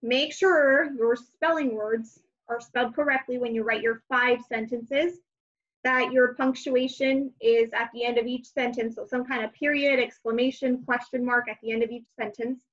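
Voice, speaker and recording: Teacher lady going over homework for little kids, kinda high voice, lots of hmms and ums, a bit muffled. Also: moderate pace. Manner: gentle, thinking aloud with fillers and hums. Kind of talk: remote homework lesson for young children.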